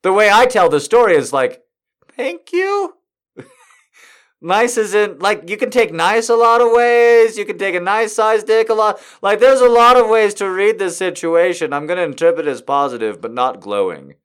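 A man reading a story aloud in a hushed voice and breaking off for rambling, laughing comic commentary. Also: high-pitched, moderate pace, hardly any pauses, smooth. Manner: rambling, laughs a lot, mock-exasperated. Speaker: reader and commentator.

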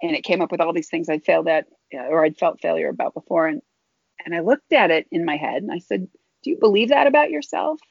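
A woman guest telling a personal story in an earnest, halting way, often restarting her phrases. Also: sits low, vocal fry, breathy edge, no room sound. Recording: dull lo-fi dry recording.

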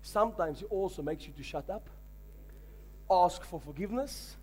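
A high-pitched man preaching a sermon as pastor. He drives points home with repetition and rising emphasis, urging the congregation to answer back. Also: lively intonation, normal speed, dark tone. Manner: emphatic preaching with call-and-response.

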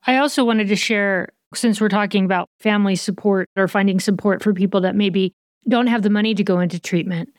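A woman's voice: medium pitch, fairly even intonation, brisk, no room sound, clean studio sound. A woman co-hosting a podcast in casual talk, reflective and searching, with frequent fillers like "I guess" and "like". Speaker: podcast co-host.

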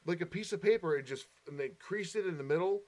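A man telling a wild fight story in casual chat, swearing constantly and animated. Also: high voice, quick pace.

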